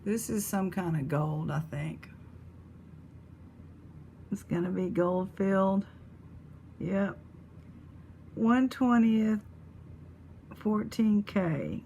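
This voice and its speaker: A woman who resells jewelry chats casually with viewers while sorting through a box of old pieces and talking to her pet. Her medium-pitched voice is warm, with drawn-out words and long pauses, and there's a little hiss or hum in the audio.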